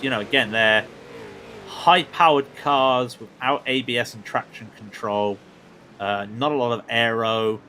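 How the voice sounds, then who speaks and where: Bright-voiced male race commentator. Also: medium pitch, a little hiss or hum. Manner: chatty, bantering, quick asides. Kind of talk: sim racing commentary.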